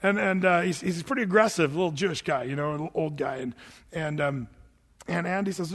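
A man's voice: on the high side, a little fast, a bit bright, breathy edge. A man preaching a sermon in a chatty, folksy storytelling manner, often laughing, recorded in a large hall. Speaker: pastor. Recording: long hall reverb.

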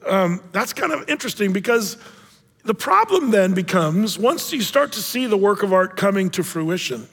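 A male pastor preaching in a church with a high, bright voice, animated and joking as he tells stories. The sound carries a long reverb from a big room. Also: moderate pace, breathy edge. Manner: animated, jokey storytelling with acted-out voices. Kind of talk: sermon.

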